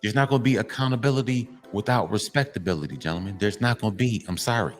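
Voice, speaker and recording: A man's voice: lowish voice, quick pace, faint music behind. A man hosting his own commentary channel, giving a blunt, profane monologue to men and repeating his points for emphasis. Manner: emphatic and repetitive, lecturing.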